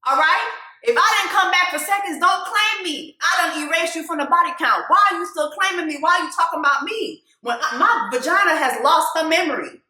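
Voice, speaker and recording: A woman giving loud, animated casual commentary on a song, laughing often and jumping between low asides and high exclamations. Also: fairly quick, reverberant. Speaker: video host reacting to a song.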